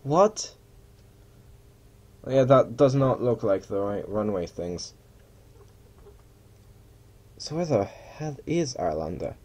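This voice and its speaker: Male gamer, unhurried, self-mocking play-along commentary with a pitch that jumps around, mutters to himself and does the odd mock pilot announcement. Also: expressive, a little mellow. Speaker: gamer playing a flight simulator. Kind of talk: casual gameplay commentary.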